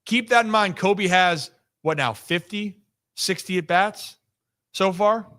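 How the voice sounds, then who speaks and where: Bright-voiced energetic sports talk host. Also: male voice, high-pitched, slow pace. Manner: energetic, animated, teasing. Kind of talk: casual sports talk show.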